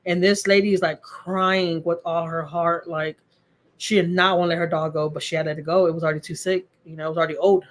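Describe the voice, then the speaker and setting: This Texas woman, middle-aged, runs a casual livestream from home, reading viewer comments and replying in a heartfelt way, often repeating phrases for emphasis. Her low voice stays steady in tone while she talks fast.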